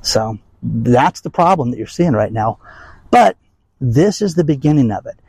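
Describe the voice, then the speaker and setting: A man's voice: mid-range voice, animated, moderate pace, darkish tone, slightly rough, dry recording, rough recording. An older man ranting bluntly and emphatically to his audience in a rambling vlog. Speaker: vlog host. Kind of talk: casual rant to camera.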